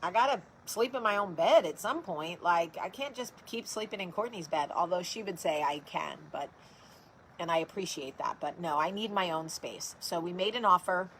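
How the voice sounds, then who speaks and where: A woman's voice: fairly low pitch, lively intonation, moderate pace, a bit bright, a little hiss or hum, low-quality recording. A woman in her forties from New Jersey, hosting a casual live-stream chat and talking straight to her viewers with blunt, profane humor. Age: 40s. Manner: talks straight to viewers and answers their comments. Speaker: host of a live video show.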